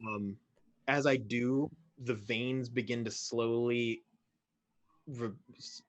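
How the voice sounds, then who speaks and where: A man playing a tabletop game, describing his character's actions in a relaxed, searching way. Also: medium pitch, slow. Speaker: player.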